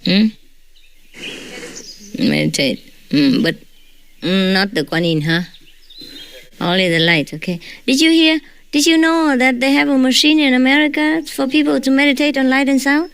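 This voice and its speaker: A woman's voice: high-pitched, steady tone, normal speed, pauses often, clean tone, no room sound. A woman who is not a native English speaker gives an informal, joking talk to her followers as a spiritual teacher. She often tags her sentences with a questioning "huh?".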